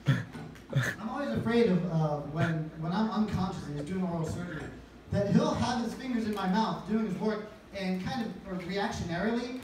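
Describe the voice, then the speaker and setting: A man's voice: high voice, darkish tone. A young man doing a stand-up comedy set, with a hesitant, awkward delivery full of restarts. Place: comedy venue. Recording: echoey venue from far off, noisy.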